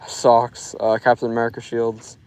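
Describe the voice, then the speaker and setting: A man's voice: mid-range voice, monotone, normal speed, a little mellow, low-quality recording. A young man from Florida chatting loosely through a fishing live stream outdoors, filling his talk with "like". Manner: loose and rambling, full of "like". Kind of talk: casual live stream chat. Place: outdoors by a river.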